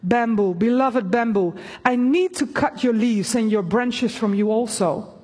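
A woman voicing the grave, loving male master of a garden in a storybook tale, speaking slowly and solemnly. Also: fairly high pitch, darkish tone, slightly rough, long reverb tail. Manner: slow, solemn.

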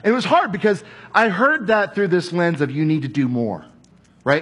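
A man's voice: high voice, normal speed, breathy edge. A male pastor giving an earnest sermon, telling a personal story and closing in prayer. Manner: earnest, storytelling, animated when recounting.

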